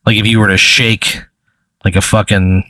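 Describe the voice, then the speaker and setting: A man leads an improvised hypothetical scene as game master, rambling and hesitating with lots of fillers. His voice sits a little low and sounds bright and forceful. The recording is dry and close. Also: little pitch movement, normal speed, dry recording, poor audio.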